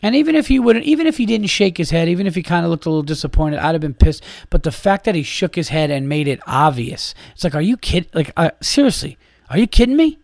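A man's voice: fairly high pitch, animated, fast talker, vocal fry, hardly any pauses, no room sound, studio quality. A man hosting a podcast, delivering an exasperated, profane monologue in a casual ranting way. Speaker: podcast host and comedian.

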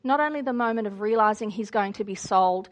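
A woman's voice: mid-range voice, brisk. A woman preacher giving a sermon, telling and reading a story in an earnest, reflective way.

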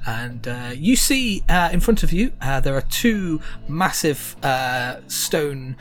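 A woman's voice: low-pitched, animated, takes it slowly, soft background music. A woman narrating a tabletop game as game master, hesitant and full of fillers.

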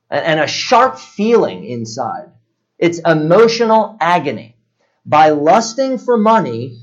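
A man preaching a sermon as pastor, earnest and steady, often sinking low and quiet on solemn points. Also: lo-fi sound.

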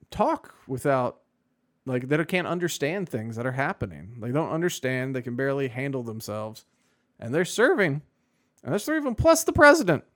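Guy on a podcast, average pitch, rambly and sarcastic, lots of "like" and "uh". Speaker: podcast co-host. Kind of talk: casual political chat.

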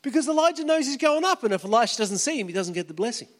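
A man preaches a sermon in a relaxed storytelling style. His voice sits unusually high for a man. A long reverb from a big hall trails every phrase. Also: racing. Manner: casual, storytelling, acts out quotes. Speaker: pastor.

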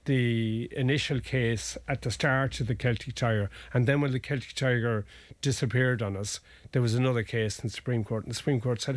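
A man's voice: mid-range voice, fairly even intonation, brisk, few pauses, dry recording. Irish male lawyer, chatty and meandering, very dry close sound. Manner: rambling, restarts, folksy asides. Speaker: family lawyer guest. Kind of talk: conversational legal explanation.

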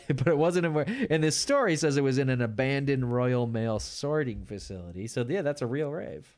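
A man hosting a podcast in casual comedic chat, laughing mid-sentence and letting his sentences trail off quietly. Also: medium pitch, normal speed. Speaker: podcast host.

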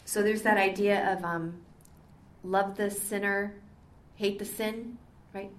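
A woman's voice: mid-range voice, steady tone, takes it slowly. An older woman, a Catholic sister, giving a conversational talk full of stories and frequent ums. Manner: chatty, storytelling, frequent ums. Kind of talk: conversational lecture with anecdotes. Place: meeting hall. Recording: echoey hall, mic far off.

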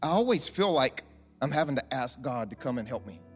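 A man's voice: mid-range voice, animated, fairly quick, husky. A man delivering a sermon as a pastor, conversational and humorous, with chatty asides and restarts. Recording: echoing large hall, faint music.

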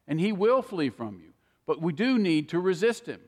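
A man's voice: high-pitched, sing-song, normal speed, long reverb tail. A man preaching a sermon, earnest and speaking straight to his listeners. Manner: earnest, addresses listeners directly by name.

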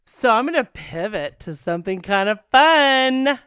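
A woman's voice: on the high side, lively intonation, a little slow, a bit bright, smooth, no echo, studio quality. A woman co-hosting a casual talk show, sarcastic and mocking, often laughing. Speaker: podcast co-host. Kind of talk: casual chat.

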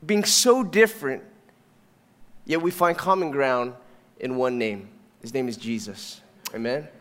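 A man preaching as pastor, telling stories in a casual, animated way. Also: high-pitched. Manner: conversational storytelling, animated. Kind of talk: sermon. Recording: long hall reverb.

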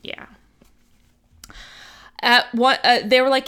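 Bright, lively woman podcast host. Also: a little high, a little slow. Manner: conversational, acts out quotes with lively asides. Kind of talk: casual podcast storytelling.

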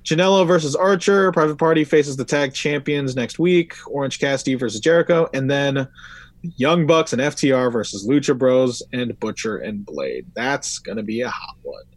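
A man's voice: mid-range voice, normal speed, no echo. A man hosting a casual podcast chat, rambling loosely through his notes and swearing now and then. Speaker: podcast host. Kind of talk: casual wrestling recap chat.

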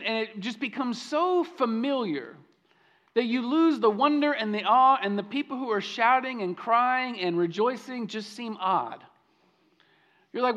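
A man with a high voice preaches to his congregation and drifts into a chatty, story-driven style that often trips and restarts mid-phrase. The recording sounds dull and lo-fi. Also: fairly bright tone. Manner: conversational storytelling, frequent restarts. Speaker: pastor. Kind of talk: sermon.

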